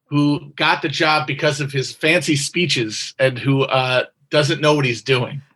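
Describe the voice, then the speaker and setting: Male podcast co-host, bright and forceful tone, halting analytical delivery full of fillers. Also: mid-range voice, steady tone. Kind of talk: casual political commentary.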